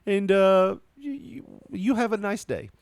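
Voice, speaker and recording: A man voicing a pushy, chirpy female hotel timeshare saleswoman with a sugary sales pitch. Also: a little slow, no room sound.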